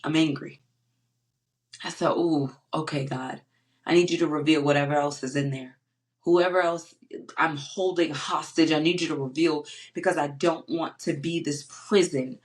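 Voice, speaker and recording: A woman hosting her own show, telling a personal faith story with lively storytelling and sudden high exclamations. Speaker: podcast host.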